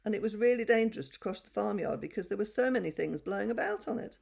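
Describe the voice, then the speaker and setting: An older woman reads a bedtime story aloud to children. She is gentle and expressive and often asks the listeners questions. Her voice sits in a mid range with a gravelly texture. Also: medium pitch, quick pace. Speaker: storyteller reading to grandchildren.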